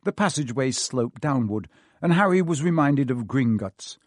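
Husky-voiced man narrating a storybook. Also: medium pitch, normal speed, no echo, studio quality. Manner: expressive, varied reading. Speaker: audiobook narrator.

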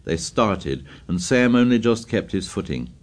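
A man reading a novel aloud in steady, scripted narration. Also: fairly low pitch, measured pace. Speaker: audiobook narrator.

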